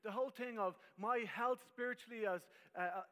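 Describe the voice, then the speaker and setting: Guy pastor giving a sermon, really high voice, emphatic, wry little asides, long echo off a big hall. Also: normal speed, sharp tone.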